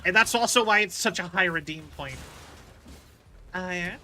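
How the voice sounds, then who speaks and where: A man's voice: sits high, moderate pace, bright, forceful tone, slight background noise. A man streaming a video game, chatting casually and explaining things at length with lots of fillers. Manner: rambling, explains with many fillers. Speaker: livestreamer.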